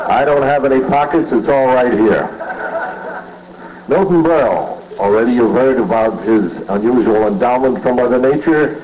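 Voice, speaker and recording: A man's voice: mid-range voice, moderate pace, lo-fi sound, background noise. A man comedian delivering insulting, bawdy one-liners at a roast on a banquet dais. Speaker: roast speaker. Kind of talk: stand-up roast.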